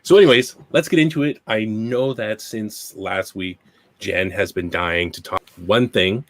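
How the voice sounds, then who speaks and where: Low-voiced Canadian podcast host. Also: male voice, a little slow, dry recording. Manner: rambling, chatty, self-deprecating. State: recovering from a cold. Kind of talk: casual podcast chat.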